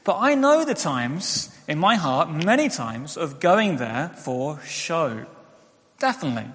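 A young man preaches in a frank, conversational way, owning up to his own faults as he goes. His slightly high voice swings widely in pitch. The sound carries a long reverb from the church hall. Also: big pitch swings, takes it slowly, a bit bright. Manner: candid, conversational preaching with self-deprecating asides. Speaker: pastor. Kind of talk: sermon.

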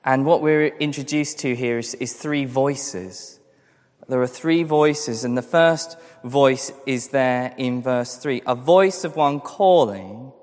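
A man's voice: medium pitch, slow pace, darkish tone, in a large hall. A man preaching a sermon, earnest and repeating key phrases for emphasis. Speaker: pastor.

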